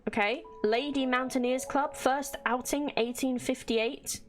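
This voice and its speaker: A woman's voice: high-pitched, fairly even intonation, measured pace, faint music behind. A woman streaming a game live, chatting casually with her chat and reading in-game text aloud. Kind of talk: casual gameplay livestream chat.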